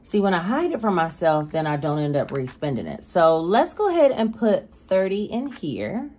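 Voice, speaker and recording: A woman's voice: fairly low pitch, sing-song, normal speed, a little mellow, husky. A woman making a casual budgeting vlog, chatting with viewers and counting cash aloud as she stuffs binders. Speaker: budgeting vlogger.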